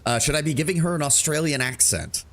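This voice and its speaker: A man's voice: a little high, lively intonation, quick pace, fairly bright tone. A man live-streaming a role-playing game, reading the text aloud and joking with chat between lines.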